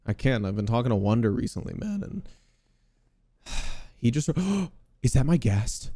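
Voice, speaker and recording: A young man hosting a podcast, giving loud, excitable gaming commentary with casual swearing. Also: mid-range voice, unhurried, no room sound, clean studio sound. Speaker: podcast host.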